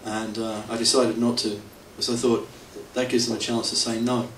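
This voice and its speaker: A man's voice: mid-range voice, little pitch movement, normal speed. A middle-aged man with a rambling, self-mocking manner, telling stories to an audience and often chuckling. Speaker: devotee telling stories at a temple anniversary. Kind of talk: anecdotal storytelling to an audience. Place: temple hall. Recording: roomy, distant hall mic with faint hiss.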